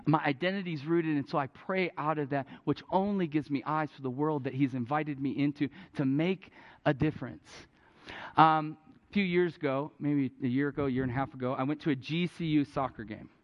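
A man preaching a sermon as a pastor, telling a story with animated, urgent peaks. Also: fairly high pitch, a little fast. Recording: dull, echoey hall.

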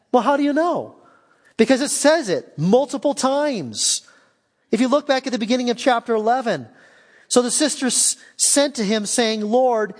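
A man, a guest pastor, preaching a sermon, reading scripture slowly and then pressing questions with rising emphasis. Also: high-pitched, big-room sound.

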